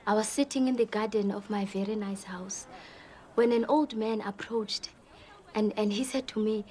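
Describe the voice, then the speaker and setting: A woman's voice: medium pitch, steady tone, normal speed, mellow, lightly acted. A woman playing an earnest, polite young woman client telling her family story.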